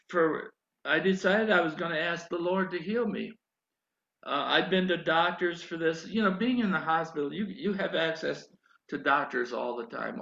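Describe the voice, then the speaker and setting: An older man preaches a sermon in a high, gravelly voice. He tells his story in an animated way and builds to emphatic pleading. The recording is dull and echoes around a hall.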